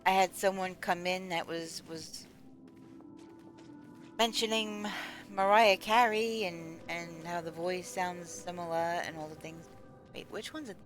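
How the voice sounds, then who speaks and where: A woman's voice: lowish voice, a little slow, faint music behind. A woman from the United States streaming a game, chatting casually and rambling as she answers her chat. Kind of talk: casual chat while gaming.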